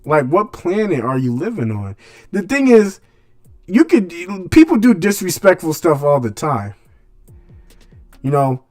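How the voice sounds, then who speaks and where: A man's voice: fairly high pitch, very animated, measured pace, long pauses, darkish tone, dry recording, clean studio sound, faint music behind. A man hosting a radio show, delivering a blunt casual monologue in street slang full of rhetorical questions.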